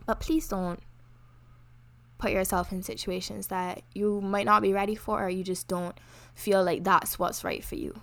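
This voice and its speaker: Young woman from barbados, bajan accent, chatty podcast cohost, animated and laughy, normal pitch. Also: normal speed, creaky. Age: young adult. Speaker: podcast co-host. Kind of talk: casual chat.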